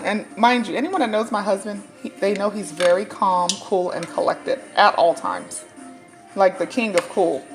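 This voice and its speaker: A woman telling a personal story while she cooks, casual, animated and often laughing. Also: medium pitch, normal speed. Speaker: dietitian sharing a personal story. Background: cooking clatter, faint music.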